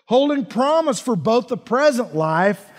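A man's voice: very high-pitched, sing-song, unhurried. A male pastor preaching a sermon in a folksy, emphatic way, often dropping in asides like "man" and "right?". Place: church sanctuary. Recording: church hall reverb.

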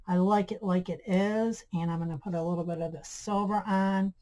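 Chatty woman, lowish voice. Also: fairly even intonation, moderate pace, warm tone, low-quality recording. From Michigan, USA. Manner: chatty, keeps addressing viewers as guys and friends; gushing about her projects. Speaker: craft channel host. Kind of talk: DIY craft tutorial.

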